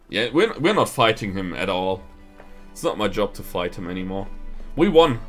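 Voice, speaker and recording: A man's voice: fairly low pitch, very animated, normal speed, faint music behind. A man streaming a video game, chatting casually and reading its dialogue aloud in changing voices, laughing often. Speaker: VTuber gaming streamer.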